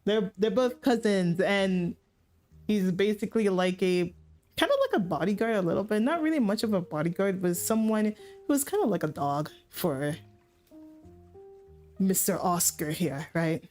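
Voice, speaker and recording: A woman's voice: mid-range voice, expressive, moderate pace, darkish tone, faint music behind. A woman streamer casually retelling a story, rambling, swearing and laughing.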